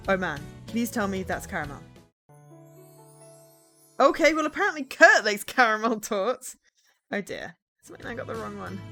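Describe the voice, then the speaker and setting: Brief: female streamer, playful reader of game text, joking asides, faint music underneath. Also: medium pitch. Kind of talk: reading a visual novel aloud with commentary.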